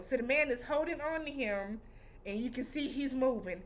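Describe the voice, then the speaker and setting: A woman vlogger retells an episode in a loose, chatty way, full of slang and acted-out reactions. Her voice sits slightly high and stays animated throughout. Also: normal speed. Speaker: vlog host reviewing a TV episode. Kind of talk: casual recap vlog.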